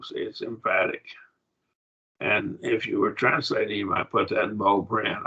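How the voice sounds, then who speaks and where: A man's voice: on the low side, steady tone, normal speed, gravelly, slightly rough. A man teaching a classroom grammar lesson, patiently repeating words as he explains. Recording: dull lo-fi recording.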